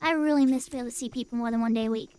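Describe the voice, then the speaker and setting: A woman's voice: fairly high pitch, very fast, warm tone, clean tone. A woman streaming a game and chatting playfully, tired but upbeat, through a voice changer. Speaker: VTuber streamer. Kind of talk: casual gaming livestream chat.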